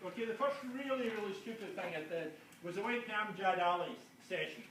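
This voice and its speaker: Brief: high-voiced male conference speaker, jokey and self-mocking, recorded in a roomy hall from far off. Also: fairly quick, fairly bright tone. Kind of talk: comic talk to a live audience. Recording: echoey hall, distant mic, noisy room.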